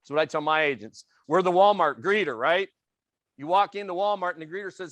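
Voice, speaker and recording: An intense, passionate man runs a training session, quizzing his class and slipping into quick voices for customers he quotes. His voice sits high and sounds bright and cutting, with a close, dry sound. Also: no echo. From Italian family background. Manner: intense, passionate, asks the room questions. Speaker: real estate trainer.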